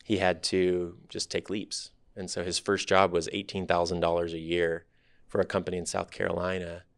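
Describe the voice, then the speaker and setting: In a low, creaky voice at normal speed, with no room sound, a man in his thirties talks through his story. He is a startup CEO guesting on a podcast, and he sounds relaxed, candid and thoughtful.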